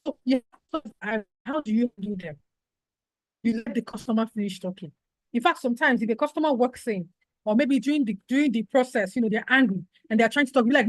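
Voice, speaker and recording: A woman's voice: a little high, a little fast, dry recording, rough recording. A woman giving a customer service training lecture, acting out exchanges between staff and customers. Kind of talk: workshop lecture.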